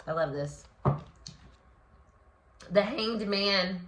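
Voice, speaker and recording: A woman gives a solo tarot reading in a bright, forward voice. She talks freely with plenty of fillers and slips into acted-out inner voices. The recording carries a noticeable echo from the room. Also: mid-range voice, very slow. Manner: expressive, many fillers, acts out inner voices. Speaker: tarot reader and astrology host.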